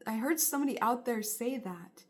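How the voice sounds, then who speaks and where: A woman's voice: fairly high pitch, expressive, moderate pace. A woman giving a spiritual tarot reading, speaking in an earnest, encouraging and emphatic way. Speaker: tarot reader.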